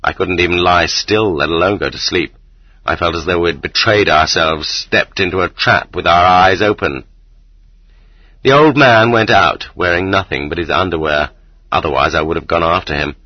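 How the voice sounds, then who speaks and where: Low, husky male audiobook narrator. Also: no room sound. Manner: steady, measured storytelling. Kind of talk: first-person audiobook narration. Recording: slightly dull lo-fi recording.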